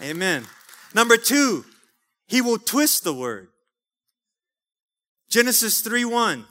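A man preaches a fervent sermon from the pulpit. His voice sits high and rings out bright and forceful, and it carries a long church reverb behind it. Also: sing-song, takes it slowly. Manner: fervent preaching with calls of amen. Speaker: pastor. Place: church sanctuary.

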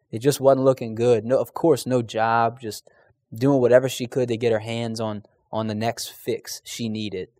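A man gives a conversational sermon, earnest yet casual, telling stories and putting questions to the room while often pausing on "um" and restarting sentences. His voice is medium-pitched with a darkish tone, and the recording is dry.

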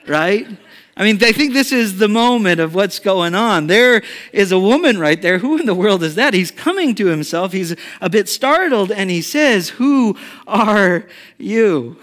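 High-voiced pastor preaching in a reverberant hall. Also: male voice. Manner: conversational, animated storytelling with rhetorical questions. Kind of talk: sermon.

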